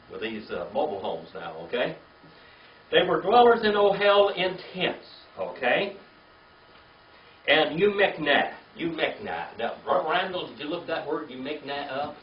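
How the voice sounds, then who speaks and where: This medium-pitched male voice belongs to a Bible class teacher who spells each word one letter at a time and has the group echo it back. There's slight background noise, and the setting is a classroom or church meeting room. Audio is dull and lo-fi, picked up by a far-off mic in a reverberant space.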